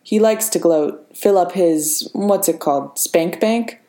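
A woman's voice: lowish voice, unhurried, mellow, close to an everyday voice. A woman voicing a blunt, offhand young female prisoner.

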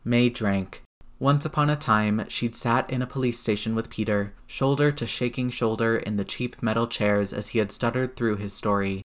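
A man reading a story aloud as narrator, steady and measured. His voice sits at an average pitch for a man.

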